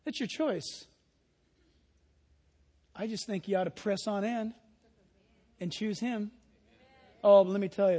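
High-voiced animated preacher man. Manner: animated, swings from hushed to near-shouting. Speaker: pastor. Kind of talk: sermon. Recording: long hall reverb.

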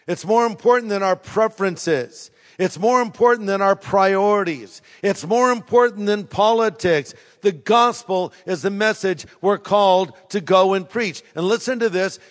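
Male pastor, sermon, humorous and emphatic, high voice, long hall reverb. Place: church sanctuary. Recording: long echo of a large hall.

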